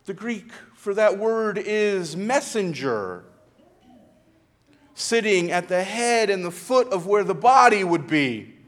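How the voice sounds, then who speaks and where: Slow, high-voiced, expressive male preacher. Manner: slow and dramatic, with pauses and quiet, hushed retellings. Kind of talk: sermon.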